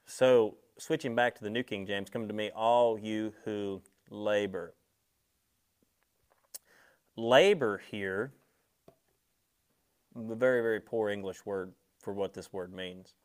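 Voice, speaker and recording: A man preaching a sermon with a somewhat low voice. He talks straight to his listeners in an easy, conversational way. He slows and swells on the key words, then drops quiet for asides. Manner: conversational, speaks directly to listeners.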